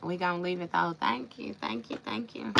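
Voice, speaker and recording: A woman's voice: on the low side, normal speed, creaky, noisy background. A woman doing a tarot reading on a live stream, talking casually and with plenty of slang straight to her viewers. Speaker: tarot reader.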